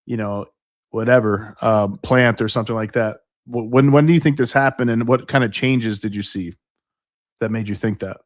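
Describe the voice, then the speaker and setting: A man co-hosting a casual livestream, halting and repeating his words. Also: on the low side, dry recording, studio quality. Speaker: podcast co-host.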